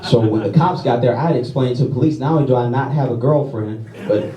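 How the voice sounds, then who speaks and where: A man's voice: medium pitch, fast talker, crowd noise. A young man from Louisiana doing a stand-up comedy set on a club stage, casually tagging his lines with "all right?" and "okay?". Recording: roomy club sound, mic heard from a distance, audience laughter.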